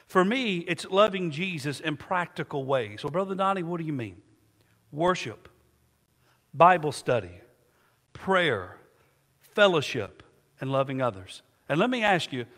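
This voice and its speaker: A middle-aged man preaching from the pulpit with a slightly high voice that rings out through a long church reverb. He swells into emphatic, rhetorical lines, asking the congregation questions and then answering them himself. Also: big pitch swings, a little slow, pauses often, fairly bright tone. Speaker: pastor. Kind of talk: sermon. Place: church sanctuary.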